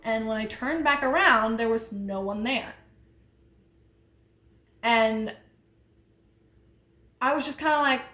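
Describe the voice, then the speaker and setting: A woman's voice: fairly high pitch, slow, pauses often, pushed and bright. A young woman vlogger telling a true ghost story in a rambling, casual way, full of "like". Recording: echoey room.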